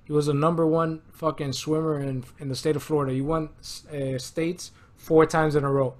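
A man's voice: a little high, level tone, normal speed. A man in casual chat telling a story in a slangy, laid-back way.

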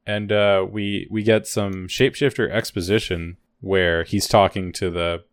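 A man's voice: low-pitched, steady tone, a little slow, smooth, no room sound. A man co-hosting a podcast, casually retelling an episode with frequent laughs. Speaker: podcast co-host. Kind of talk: casual recap chat.

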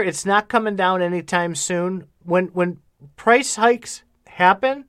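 A man's voice: high voice, slow pace, a bit bright, clear, resonant tone. A man co-hosting a casual talk show, ranting bluntly and heatedly about money. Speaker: podcast co-host. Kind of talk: casual chat.

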